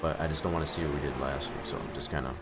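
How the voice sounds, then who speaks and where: A man commenting on his own sim-racing session in a live stream, with excitable outbursts and rambling asides. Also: a bass voice, racing, heavy background noise.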